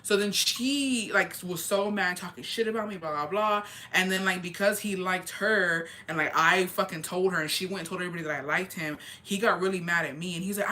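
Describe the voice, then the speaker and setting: A woman's voice: on the low side, quick pace, few pauses, pushed and bright. Profane, rambling young woman telling a story. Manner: profane, rambling, filler-heavy, laughs at herself. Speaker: vlogger. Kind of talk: casual storytime confession.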